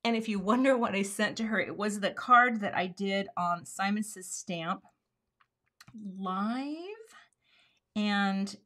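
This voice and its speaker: Speaking slowly in a medium-pitched, fairly bright voice, the card-making host runs a relaxed live craft demo. She narrates each step to herself, with murmured asides under her breath.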